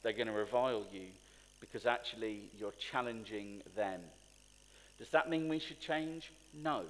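Speaking at normal speed in a fairly low voice, this preacher addresses his congregation with animation, asking questions and building toward emphatic points. There's a little hiss or hum, and the sound rings with long hall reverb.

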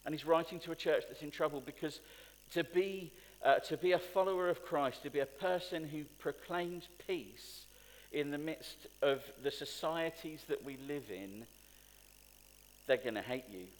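A man with a slightly high voice preaches to a congregation at a moderate pace, animated and rising to emphatic peaks as he puts questions to them. The recording carries a long hall reverb.

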